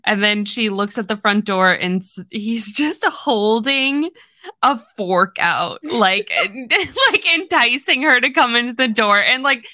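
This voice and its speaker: A woman co-hosting a book podcast in a relaxed, casual chat. Her voice is bright and forward, recorded close and dry. She retells scenes eagerly, filling them with "like" and little acted-out lines. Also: on the high side, measured pace, dry recording. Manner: animated retelling of scenes, lots of "like".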